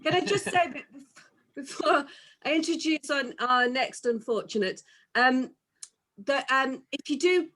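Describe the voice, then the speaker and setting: A woman's voice: high voice, unhurried, a bit bright. A woman hosting an online comedy night over a video call, giggling often and giving jokey introductions. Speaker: compere of an online comedy gig. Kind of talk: comedy compering.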